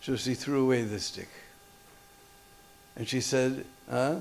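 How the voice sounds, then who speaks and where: There's a little hiss or hum as a man preaches a storytelling sermon in a temple hall at a measured pace and medium pitch. He frequently chuckles and checks his listeners with short "hmm?" and "huh?"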